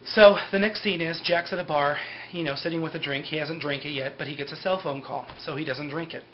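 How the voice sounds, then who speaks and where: A man's voice: a little high, steady tone, a little fast. A man casually recapping a TV episode in a loose, rambling way, full of "like" and "you know". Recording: dull lo-fi with faint hiss.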